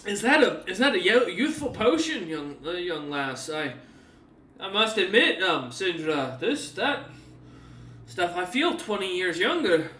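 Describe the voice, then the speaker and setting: A man's voice: high voice, sharp tone, slight background noise. A man voicing a weary old giant. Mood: gruff. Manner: broken, halting speech. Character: old weary male giant sailor, gruff. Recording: echoey room, distant mic.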